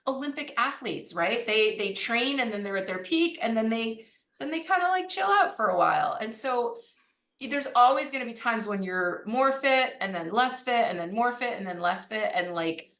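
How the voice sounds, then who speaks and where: A woman running coach talking in a casual interview, animated, laughing often and using lots of fillers. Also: on the high side, normal speed. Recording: echoey room.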